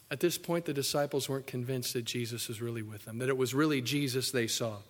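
A man preaching a sermon emphatically, swinging between loud, excited passages and hushed, soft ones. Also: medium pitch, fairly quick. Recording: echoey hall.

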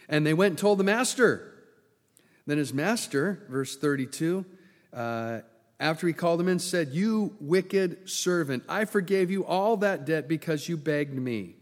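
A man preaching a sermon, swinging from loud bursts to hushed near-whispers and acting out the voices in his story. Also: mid-range voice. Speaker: pastor. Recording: long hall reverb.

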